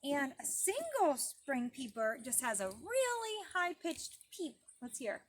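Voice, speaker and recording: A woman leads a preschool storytime by a garden pond, her high voice swooping up and down as she talks to little kids. A faint hiss of outdoor noise sits behind her. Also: a little slow. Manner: animated, sing-song teacher voice addressing small children. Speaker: children's librarian leading storytime.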